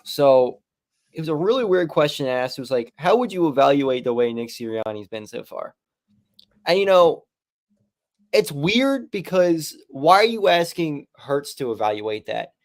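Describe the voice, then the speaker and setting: A man's voice: on the high side, sing-song, moderate pace. A young man co-hosting a casual sports podcast. He is opinionated and swears casually. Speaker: podcast co-host.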